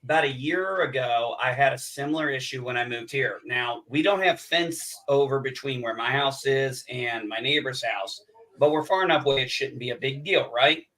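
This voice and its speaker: A man's voice: medium pitch, normal speed, bright, forceful tone, recorded from a distance, poor audio. A man in casual chat, swearing a lot while telling a story and acting out angry lines. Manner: profane storyteller, acts out heated quotes.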